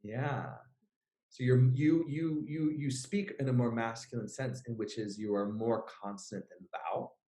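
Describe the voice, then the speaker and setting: A man who is a vocal coach and podcast guest, speaking slowly and deliberately in casual conversation, often restarting his sentences. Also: mid-range voice, steady tone, warm tone. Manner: slow and deliberate, with many restarts. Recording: roomy echo.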